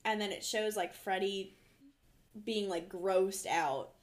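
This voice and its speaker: A woman's voice: medium pitch, slow pace. A young woman co-hosting a casual podcast chat, telling stories in a chatty way full of "like" and frequent laughter. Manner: chatty, laughing, filler-heavy storytelling. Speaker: podcast co-host.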